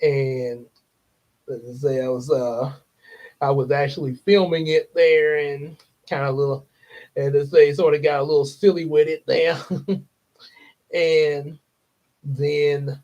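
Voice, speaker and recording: A young man rambles through a casual livestream, chuckling often. His voice sits a bit high and moves slowly. The audio is dull and lo-fi. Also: flat delivery, a little mellow. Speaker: livestream host.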